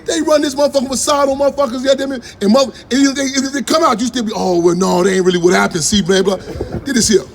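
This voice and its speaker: A man delivers a fiery political talk in a very high voice. He talks fast and spins rambling, profane stories. The crowd calls back to him as he goes. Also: vocal fry. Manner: profane, rambling storytelling with call-and-response. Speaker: activist speaker.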